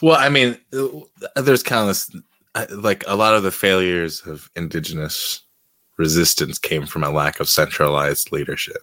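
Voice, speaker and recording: Male podcast co-host, low and dry, casual talk with halting read-alouds. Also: fairly even intonation, sharp tone, no echo. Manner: reads text aloud haltingly, stumbling on words. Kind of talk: casual political podcast chat and reading aloud.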